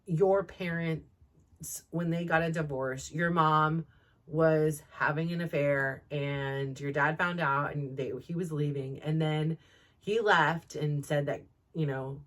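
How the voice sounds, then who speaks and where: A woman's voice: low voice, steady tone, slow pace. A middle-aged woman hosting her own show, telling a personal story in a frank, self-reflective way and rambling through it with lots of "like" fillers. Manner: rambling, heavy use of "like" fillers. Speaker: host.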